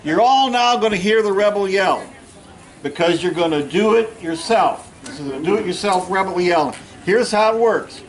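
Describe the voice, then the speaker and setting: A man's voice: high-pitched, lively intonation, normal speed, rough recording. A man playing a folksy Civil War general. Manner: folksy storytelling, jokes with the audience. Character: Civil War Union general, middle-aged, plainspoken. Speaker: historical reenactor. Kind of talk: first-person living history talk. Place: outdoor history event in a park.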